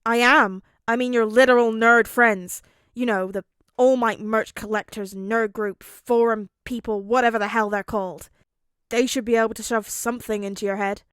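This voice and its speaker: A woman playing a rude, hot-tempered teenage boy who barks his lines loud and snappish in an audiobook reading. The voice sits a touch high and dry. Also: lively intonation, moderate pace, few pauses, dry recording.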